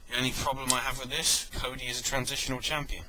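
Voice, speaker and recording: A man talks through a casual review in a rambling way, often stopping to correct himself and toss in jokey asides. His voice is very bright and sharp, with a faint hiss of noise underneath. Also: mid-range voice, little pitch movement, quick pace, low-quality recording. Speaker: wrestling event reviewer.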